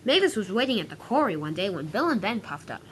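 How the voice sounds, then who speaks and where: A woman's voice: mid-range voice, big pitch swings, fast talker, a bit bright, a little hiss or hum. Woman narrating a toy-train story. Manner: restarts and self-corrections.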